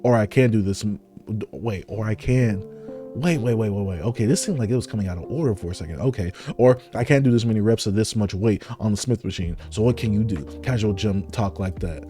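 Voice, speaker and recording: A man's voice: fairly low pitch, a little fast, warm tone, faint music behind. A man hosting a live comic reading, reacting animatedly and laughing often. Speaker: host reading a comic aloud.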